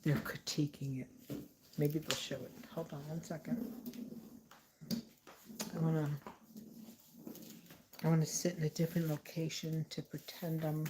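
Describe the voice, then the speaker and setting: A woman's voice: sits low, flat delivery, a little slow, long pauses, noisy background. A middle-aged woman vlogger talking in a rambling, sarcastic way, full of fillers and asides. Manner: sarcastic, meandering, many fillers. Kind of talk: casual rambling commentary.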